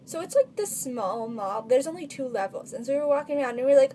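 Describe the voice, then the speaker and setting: A woman's voice: high-pitched, animated, fast, warm tone, slight background noise. A teenage girl telling funny stories in a casual vlog, chatty and full of filler words. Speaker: vlogger.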